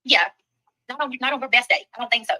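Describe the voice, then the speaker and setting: A woman with a Southern accent hosts a livestream, chatting casually and quickly as she reads comments and greets viewers one by one. Her bright, sharp voice is pitched slightly high, and the recording is rough.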